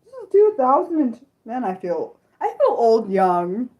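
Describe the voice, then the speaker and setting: A young woman hosting an unscripted livestream, chatting to her viewers with animated restarts and repeated exclamations, easily spooked. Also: a little high, measured pace. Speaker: livestream host. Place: her room.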